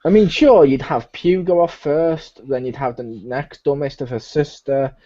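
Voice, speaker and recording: A man's voice: a little high, a little slow. A man hosting a casual gaming podcast, telling stories animatedly and acting out lines from games. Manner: animated storyteller, acts out game characters' lines. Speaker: podcast host. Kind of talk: casual chat. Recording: dull lo-fi home recording.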